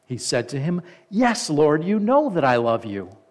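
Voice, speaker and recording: A man preaching a sermon. He reads scripture aloud, slows down for the quoted lines, and stops now and then to comment. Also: fairly high pitch, big pitch swings. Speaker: pastor.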